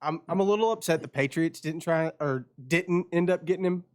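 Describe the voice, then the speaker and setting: A man's voice: fairly high pitch, brisk, no echo, studio quality. A man co-hosting a podcast, chatting about football in an easygoing, agreeable way. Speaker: podcast co-host. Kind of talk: casual sports chat.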